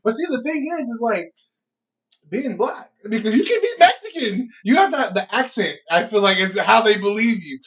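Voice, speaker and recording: A man's voice: high voice, very animated, normal speed, fairly bright tone, recorded from a distance. A young man hosting a podcast in casual chat, laid-back, laughing often and swearing casually. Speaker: podcast host. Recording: dull lo-fi podcast audio.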